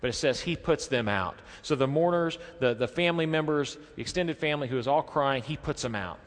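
Male pastor, mid-pitched, preaching expressively, reverberant church hall. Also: a little fast. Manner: expressive preaching, drops his voice low for quoted lines. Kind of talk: sermon.

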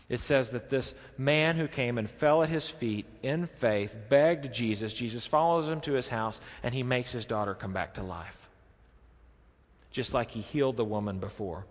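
Male pastor, mid-pitched, preaching expressively, reverberant church hall. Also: normal speed. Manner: expressive preaching, drops his voice low for quoted lines. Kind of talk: sermon.

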